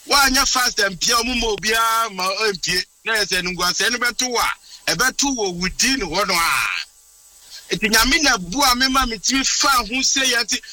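A man telling a story as a radio guest, chatty and animated. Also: extremely high pitch, recorded from a distance, low-quality recording. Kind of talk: casual storytelling.

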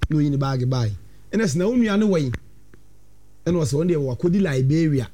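A man with a Ghanaian accent, a talk-show guest, recounting events in an animated storytelling way. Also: a little high, brisk, slight background noise. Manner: animated, storytelling with quoted dialogue. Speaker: studio guest.

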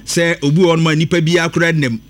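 A man hosting a radio phone-in show, from Ghana. His voice sits a little high for a man. He talks in a steady, conversational way, taking callers one after another. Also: very fast, dry recording. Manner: mixes local language and English, steady conversational.

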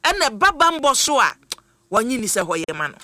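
High, bright-voiced male radio host. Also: normal speed, no echo, clean studio sound. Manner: animated, addresses listeners as family. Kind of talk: radio talk show hosting.

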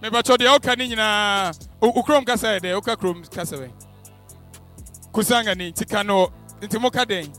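A man's voice: sits high, fairly quick, fairly bright tone, faint music behind. A man hosting a promotional event as MC, upbeat and hyping the crowd. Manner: upbeat, hyping, switching into English.

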